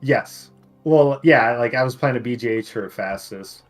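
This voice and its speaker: A man with an everyday mid-range voice chatting casually with a friend. He talks in loose slang, swears freely and tells animated stories. Faint music sits in the background. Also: medium pitch, measured pace. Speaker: game player. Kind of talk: casual chat.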